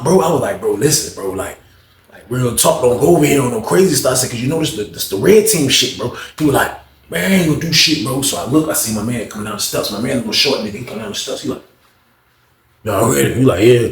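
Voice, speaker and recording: A man's voice: medium pitch, lively intonation, quick pace, echoey room, a little hiss or hum. A man telling a story in a casual way, full of street slang and swearing, acting out the voices of the people in it. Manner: acts out other people's voices while retelling.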